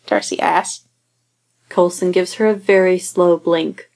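A woman narrating a fan fiction story aloud in a steady, unhurried way. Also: lowish voice, creaky. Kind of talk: fan fiction audiobook reading.

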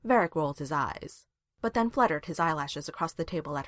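A woman reading a fan fiction story aloud with expressive narration. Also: low-pitched, brisk, no room sound, studio quality. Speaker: reader.

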